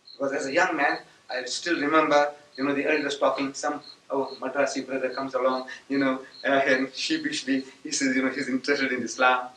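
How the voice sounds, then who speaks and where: Recorded from afar in an echoey hall with slight background noise, this Gujarati-native man gives a religious lecture, posing rhetorical questions and bursting into sudden emphasis. His voice is medium-pitched, pushed and bright.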